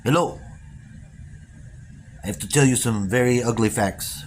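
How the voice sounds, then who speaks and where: A man in an American accent telling a rambling story while walking outdoors, playful with crude asides and drawn-out dramatic phrasing. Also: medium pitch, fairly even intonation, a little mellow, slight background noise. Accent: American, put on.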